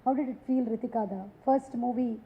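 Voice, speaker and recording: High-pitched woman event host, question-led, on muffled phone-like audio. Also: fairly even intonation, a little fast. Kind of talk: interviewing guests. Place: film launch event stage.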